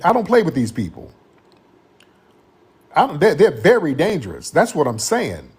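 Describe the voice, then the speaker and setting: A man's voice: a little high, huge pitch swings, moderate pace, long pauses, a little mellow, breathy edge. A man hosting a live-stream commentary show and taking callers, talking in an emphatic, repetitive, slang-heavy way.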